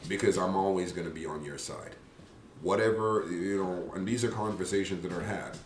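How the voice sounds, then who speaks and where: A man, a father of a big family, talking earnestly about parenting, often restarting his sentences. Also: sits low. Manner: earnest, halting with many restarts. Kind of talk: casual talk show conversation. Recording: roomy and distant with faint noise.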